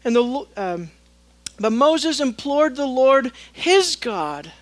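A man preaching a sermon at a slow, deliberate pace. He swings between loud, emphatic declarations and hushed, low passages, and acts out the voices in his text. The sound is dry and close. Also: sing-song, no room sound, low-quality recording. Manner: acts out quoted voices of God and Moses. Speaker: pastor.

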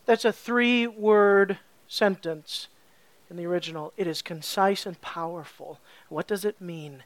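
A pastor preaching a sermon with an emphatic, questioning style. The delivery drops to hushed tones and then rises to forceful ones. The sound is dry and close, with a voice of middling pitch. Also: a little slow, no echo.

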